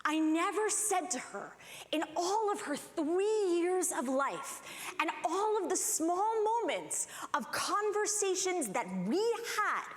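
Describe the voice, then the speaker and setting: A high, lively woman tells a personal story to a conference audience, her pitch leaping as she acts out the people she quotes. The sound is roomy, with a long hall reverb trailing each phrase. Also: slow. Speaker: conference speaker. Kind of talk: storytelling keynote talk.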